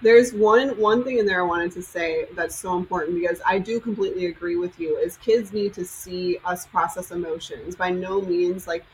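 A woman co-hosts a podcast with a fairly low, relaxed voice, open and heartfelt in casual talk. A faint hiss of noise runs underneath. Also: moderate pace, hardly any pauses, low-quality recording. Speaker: podcast co-host.

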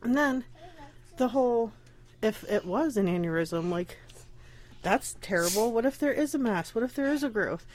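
A woman's voice: on the high side, lively intonation, normal speed, a little mellow. A young adult woman hosting her own podcast, talking candidly and rambling, pregnant and emotional, close to tears, with nervous laughs. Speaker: podcast host. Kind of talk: casual personal podcast.

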